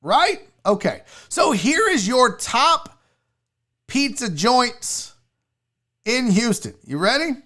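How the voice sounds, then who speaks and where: A woman's voice: fairly high pitch, sing-song, takes it slowly, a bit bright. A woman hosting a casual livestream chat, blunt, profane and mocking as she reacts. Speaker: sports show host.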